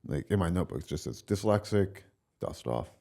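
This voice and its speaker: A man's voice: low-pitched, animated, fairly quick, vocal fry, mellow. A young man from Long Island, a stand-up comedian chatting as a podcast guest in a rambling, laid-back way, full of filler words and swearing. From Long Island, New York. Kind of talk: casual podcast chat.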